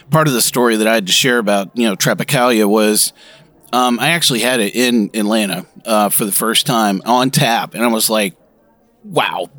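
A man's voice: lowish voice, a bit bright, dry recording. Enthusiastic man, dry close sound. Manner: enthusiastic, rambling with fillers. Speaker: podcast co-host. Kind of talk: casual podcast chat.

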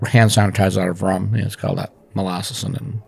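Gravelly, husky, animated man. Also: deep voice, fast. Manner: animated, joking. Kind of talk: casual podcast chat.

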